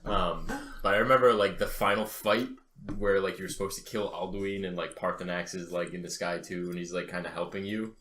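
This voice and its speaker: A man's voice: deep voice, fairly even intonation, fairly quick, noisy background. A man co-hosting a casual gaming podcast, thinking aloud and hedging with lots of filler. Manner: thoughtful, hedging, lots of likes. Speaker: podcast co-host.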